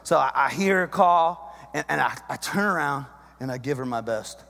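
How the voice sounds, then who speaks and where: A man in his thirties telling a comic story, chummy and animated, talking to the guys. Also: medium pitch, normal speed, vocal fry. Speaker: comedic storyteller. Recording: echoey hall, long reverb.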